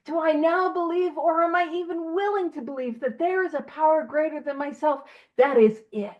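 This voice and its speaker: A woman leading a recovery study over a video call, animated and self-teasing, asking question after question. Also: high voice, normal speed, highs cut off.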